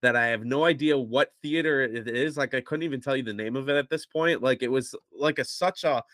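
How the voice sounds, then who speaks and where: A man's voice: mid-range voice, fairly quick, a bit bright, no echo, clean studio sound. A man co-hosting a podcast in casual chat, rambling a bit and chuckling between phrases. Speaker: podcast co-host.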